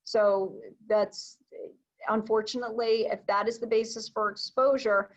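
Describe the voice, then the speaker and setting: A woman's voice: a little high, fairly even intonation, a little slow. A woman presenting a recorded training webinar, explaining in a conversational way with frequent fillers. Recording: dull, lo-fi webinar audio.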